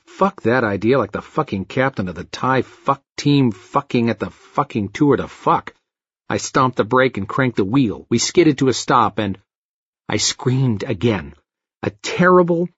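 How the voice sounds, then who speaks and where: A man narrating a story in the first person, frantic and profane, with dark comic flair, in a dry, slightly muffled recording. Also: medium pitch, slightly rough, dry recording.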